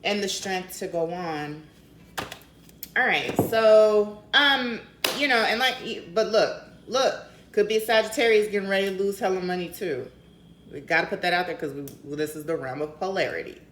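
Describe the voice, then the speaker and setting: A woman's voice: mid-range voice, normal speed, echoey room, background noise. A woman from Denver with a slight Maryland accent, giving a casual tarot reading and chatting loosely with fillers and swearing. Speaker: tarot reader.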